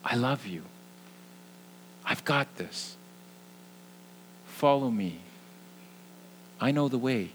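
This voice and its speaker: A man voicing God as a gentle, loving male presence, speaking in a soft, hushed, reassuring way. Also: mid-range voice, lively intonation, slow, long pauses, slight background noise, low-quality recording. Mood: tender hush.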